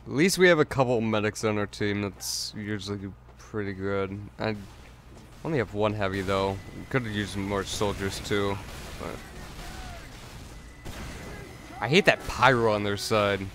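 A man's voice: fairly low pitch, huge pitch swings, measured pace, pauses often, a bit bright, a little hiss or hum. A man giving casual let's play commentary, rambling with stammered restarts and chuckles.

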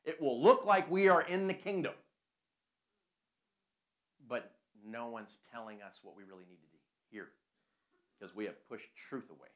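A man's voice: mid-range voice, measured pace, pauses often, fairly bright tone. A man preaching a conversational sermon full of rhetorical questions.

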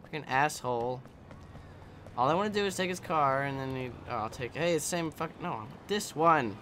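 A man's voice: fairly high pitch, lively intonation, normal speed, fairly bright tone, slight background noise. A man giving casual let's-play commentary while he games, rambling, joking and swearing. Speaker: gameplay commentator.

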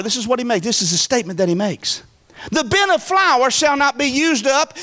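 Man, pastor preaching, folksy, emphatic, high-pitched. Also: fairly bright tone, clear, resonant tone. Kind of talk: sermon.

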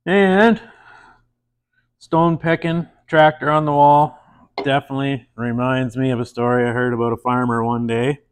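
A man's voice: mid-range voice, steady tone, normal speed, clear, resonant tone. A man hosting a casual beer-tasting show, trying a stout and telling a joke, laid-back and full of fillers and puns.

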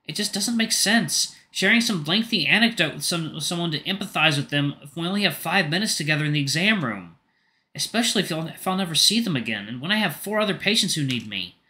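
Man voicing a gentle caring dog doctor. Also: a little high, expressive, fast, pitched above the performer's own voice. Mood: earnest. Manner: earnest, apologetic, reassuring.

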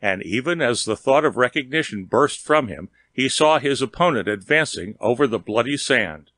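A man reading a story aloud in a steady, measured storytelling manner. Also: mid-range voice, no echo. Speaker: narrator. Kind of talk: audiobook reading.

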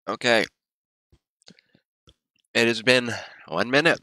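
A man talks slowly and low on a casual livestream. He is in pain, teary and groaning, and his voice is bright and clear in a dry, close recording. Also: no room sound. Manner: rambling, groaning and gasping from spicy heat. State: in pain, teary, nose running. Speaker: streamer.

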